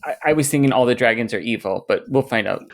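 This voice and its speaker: A man's voice: mid-range voice, fast talker. A man co-hosts a casual podcast, dropping short remarks and second thoughts into his partner's retelling. His voice sits in an ordinary middle range. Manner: chiming in with short comments. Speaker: podcast co-host. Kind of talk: casual chat.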